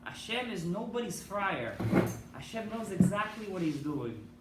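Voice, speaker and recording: A man's voice: high-pitched, sing-song, measured pace. A man, a rabbi, giving a sermon with an emphatic storytelling manner, asking his listeners questions. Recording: echoey hall from far off with faint noise.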